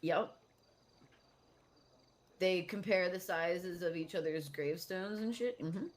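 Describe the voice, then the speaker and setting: A woman's voice: fairly low pitch, slow. A woman chatting casually with friends in a game voice chat, trading crude jokes and laughing. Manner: joking, laughing, crude banter. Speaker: co-player in voice chat.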